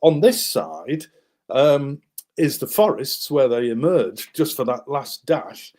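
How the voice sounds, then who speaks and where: A man's voice: medium pitch, slow pace. A man, guest author, animatedly recounting a wartime story while showing maps, with many fillers and restarts. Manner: animated, acts out the people in his story.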